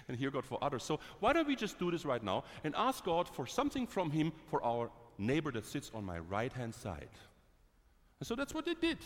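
Preacher in a reverberant hall. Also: male voice, medium pitch. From Germany. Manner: lively, chuckling, swings between bright and hushed. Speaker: missionary preacher. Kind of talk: sermon with personal storytelling.

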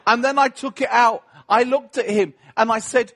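A British man preaching a humorous sermon, telling a story with self-mocking asides in an animated way. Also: extremely high pitch, a little fast, few pauses. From Britain.

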